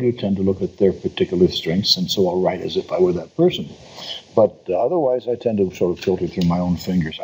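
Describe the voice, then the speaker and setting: A man's voice: low-pitched, dark tone, husky, lo-fi sound. An older man, a composer, answering interview questions in a reflective, digressive way. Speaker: composer and guest. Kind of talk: conversational interview. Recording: online video call stream.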